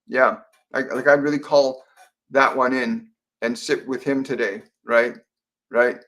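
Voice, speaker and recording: A man from Canada hosting a live psychic Q&A stream, speaking gently with frequent fillers and repeated phrases as he relays messages. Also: medium pitch, fairly even intonation, unhurried. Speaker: psychic medium host.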